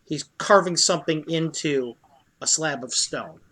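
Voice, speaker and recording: A man narrating as dungeon master in a tabletop role-play game, loose and halting with many fillers. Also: fairly high pitch, bright, forceful tone.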